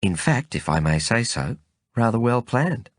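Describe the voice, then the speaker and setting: A man's voice: mid-range voice, big pitch swings, unhurried, no room sound, studio quality. A man voicing a composed young woman with an Australian accent, a dryly amused undercover officer, in an audiobook reading.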